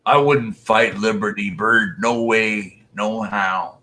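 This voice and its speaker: A man's voice: on the low side, steady tone, slow, pushed and bright, slight background noise, rough recording. A man hosting a live stream in casual chat, reading out viewer requests and laughing often.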